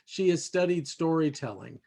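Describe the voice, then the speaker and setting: A man's voice: a little high, lively intonation, normal speed, creaky, mellow. A man hosting a roundtable who praises his guest and explains the storytelling technique she used. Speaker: host. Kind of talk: host commentary.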